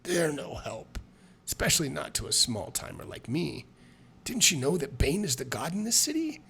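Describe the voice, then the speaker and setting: A man's voice: a little high, sing-song, normal speed, vocal fry, sharp tone, slight background noise, voice pushed up, exaggerated voice. A man voicing a drunk, sobbing male halfling who talks with a wavering put-on accent. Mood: glum, drunk.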